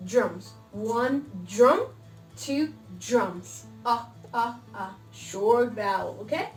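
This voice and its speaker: A woman teaches a phonics lesson to small children, speaking slowly and stretching each sound. Her voice sits fairly high, and she breaks in with playful gasps. Faint music plays underneath. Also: roomy sound, recorded from a distance. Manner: slow, drawn-out sounds with playful gasps, switching between English and Spanish. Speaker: kindergarten teacher.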